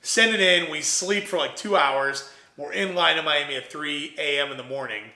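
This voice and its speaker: A young man from Ohio tells his business story with a bright, fairly high voice. He talks in a casual, animated way, acting out the lines of everyone in the story. The room sounds echoey around him. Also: moderate pace. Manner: animated, quotes himself and others in lively voices. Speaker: entrepreneur guest.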